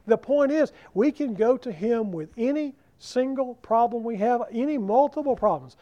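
A man preaching a sermon, emphatic and slowing down to stress key words. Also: very high voice, animated, dark tone. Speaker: pastor. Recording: dull lo-fi recording.

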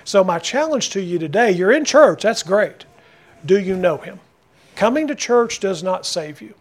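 A man's voice: high voice, lively intonation, moderate pace. A male pastor preaching a sermon, emphatic and repetitive, putting direct questions to the congregation. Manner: emphatic, repeating key phrases, asks the congregation questions.

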